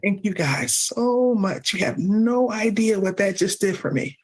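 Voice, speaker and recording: Woman guest on a video call, earnest, kinda halting, keeps restarting sentences. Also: mid-range voice, lively intonation, low-quality recording. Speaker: guest on a coaching stream. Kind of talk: conversational interview answer.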